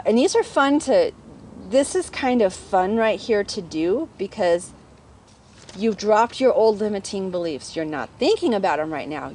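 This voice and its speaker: A woman's voice: mid-range voice, darkish tone, a little hiss or hum. A woman business coach teaching in a casual, conversational way, often checking in with her viewers. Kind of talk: casual teaching talk to camera.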